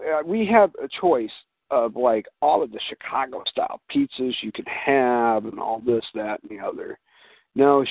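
A man, a guest on a casual talk show, telling animated stories and jumping high in pitch for quoted voices. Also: vocal fry, no echo. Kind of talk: casual chat. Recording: tinny phone-like sound.

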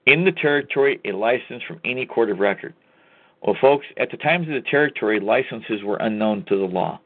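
A man's voice: mid-range voice, expressive, a little fast. A man hosting a talk radio show, delivering a combative, folksy monologue and often calling the listeners "folks". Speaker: radio host. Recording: tinny phone-line sound.

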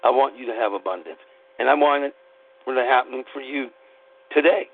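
A man's voice: medium pitch, normal speed, creaky, husky. A man hosting a podcast, delivering a blunt, preachy, impassioned monologue and swearing casually. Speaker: podcast host. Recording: tinny phone-line sound with mains hum.

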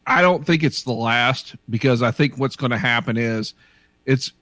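A man's voice: medium pitch, normal speed, a bit bright, dry recording, clean studio sound. A man, a guest ring announcer, giving confident opinions in casual chat.

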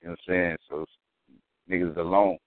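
Low-pitched and level in tone, this man speaks fast while co-hosting a podcast, spinning stories in a slangy, emphatic, casual way. The sound is dry and phone-like, lo-fi without any echo.

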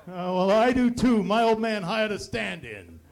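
A man's voice: high voice, very animated, normal speed, gravelly, heavily acted. A man doing a stand-up impression of a self-pitying older male comic on a tavern stage, always saying "oh yeah" and "I tell you".

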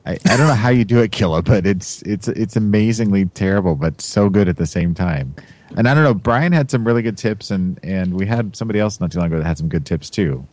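A man's voice: low-pitched, expressive, fast talker, darkish tone. Playful podcast co-host man. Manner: playful, laughing. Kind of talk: casual podcast banter.

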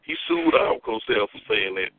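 A man calling into a phone chat line, talking in a rambling, repetitive way and shouting taunts. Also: fairly low pitch, lively intonation, a little fast, creaky, no echo, phone-quality sound.

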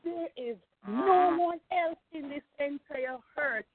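A woman's voice: sits high, takes it slowly, a crowd in the background. A woman pastor preaching a fervent sermon, repeating phrases and calling out praise. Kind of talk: sermon over a phone line. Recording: tinny phone line.

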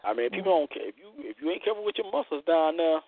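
A man hosts a loose radio show, cracking bawdy jokes and slipping into other people's voices. His voice sits a little high. It comes through thin and tinny, like over a phone line, with a dry sound. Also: very fast, gravelly, husky, no room sound. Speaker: show host. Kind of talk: casual radio show talk.

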